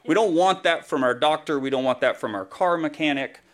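A man's voice: fairly high pitch, brisk, fairly bright tone. A male pastor giving a conversational sermon, telling a story with self-deprecating humor and a casual delivery full of fillers.

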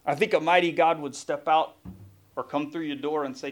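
Emphatic male preacher, higher voice. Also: fairly even intonation, normal speed. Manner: emphatic, building long lists. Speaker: pastor. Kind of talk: sermon.

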